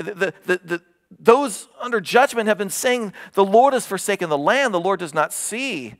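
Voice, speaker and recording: Male pastor, slightly higher voice, expressive sermon delivery in church. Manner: expressive preaching, voice rising when retelling scripture and dropping low for emphasis.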